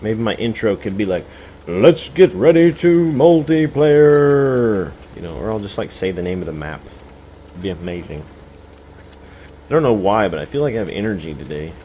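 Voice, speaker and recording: Deep-voiced male streamer, loose and rambling, self-mocking humour. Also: animated, brisk, a little mellow, slight background noise, low-quality recording. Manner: joking, self-mocking, many "you know" fillers. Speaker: game streamer. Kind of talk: rambling live-stream chat. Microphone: desk microphone, no camera.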